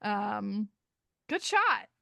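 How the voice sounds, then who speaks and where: A woman's voice: mid-range voice, very animated, extremely slow, creaky, sharp tone, no room sound. A young woman co-hosting a podcast, recapping a comic chapter in casual chat, chatty and self-deprecating, often laughing. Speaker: podcast co-host.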